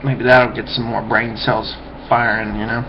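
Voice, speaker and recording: A man's voice: medium pitch, little pitch movement, normal speed. Rambling man on muffled webcam audio. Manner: meandering, mumbling, profane. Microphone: webcam mic. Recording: dull lo-fi webcam audio, faint hiss.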